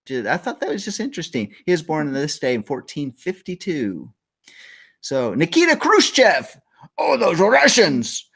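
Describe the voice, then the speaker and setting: Middle-aged male host, lively pitch, loose jokey chatter, casual morning show. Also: moderate pace, slightly rough. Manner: jokey, rambling, laughs often.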